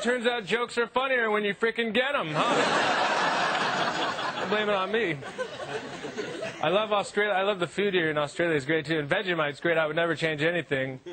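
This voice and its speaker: Deadpan stand-up comic over crowd laughter. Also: male voice, very noisy. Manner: deadpan, jumps into silly high voices for quoted people. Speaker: stand-up comedian. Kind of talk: stand-up set on TV. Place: TV studio stage. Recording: loud audience laughter, TV studio.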